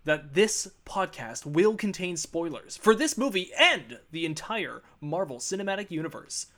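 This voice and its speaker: A man's voice: high-pitched, lively intonation, moderate pace, sharp tone. A man hosting a casual movie podcast, chatty and full of restarts. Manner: chatty, with frequent restarts and fillers. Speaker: podcast host.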